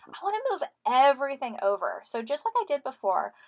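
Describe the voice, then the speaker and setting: A woman's voice: high-pitched, big pitch swings, fairly quick, a little mellow. Upbeat woman teacher walking students through steps. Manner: friendly step-by-step instructions to students. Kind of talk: screen-recorded software tutorial.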